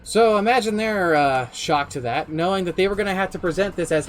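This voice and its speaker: Male streamer narrating his campaign, animated, a bit high-pitched, soft music bed. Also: a little fast, hardly any pauses. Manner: animated, swearing, shifts pace often. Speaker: streamer and game master. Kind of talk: casual storytelling recap. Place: home streaming setup.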